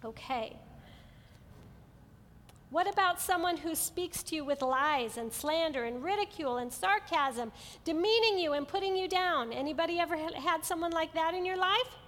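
A woman teaching a Bible study to a women's group in an earnest, gentle way, often checking in with her listeners. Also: very high-pitched, normal speed, a little hiss or hum. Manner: asks the audience frequent check-in questions. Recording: long hall reverb.

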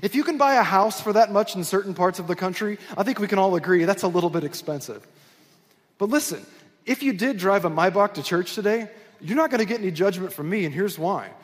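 High-voiced pastor preaching in a reverberant church. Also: male voice, lively intonation, fairly quick. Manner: conversational, asks the congregation questions. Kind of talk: sermon. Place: church sanctuary. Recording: long hall reverb.

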